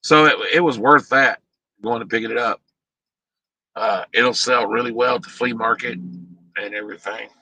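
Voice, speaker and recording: A man's voice: mid-range voice, normal speed, pauses often, sharp tone, slightly rough, no room sound, rough recording. A man streaming live, chatting casually in a rambling, sarcastic way.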